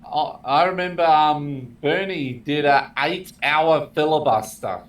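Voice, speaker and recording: A man's voice: on the high side, slow pace, fairly bright tone. A man co-hosting a casual podcast, giving short reactions and spinning playful hypothetical stories. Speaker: co-host. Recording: echoey room, distant mic.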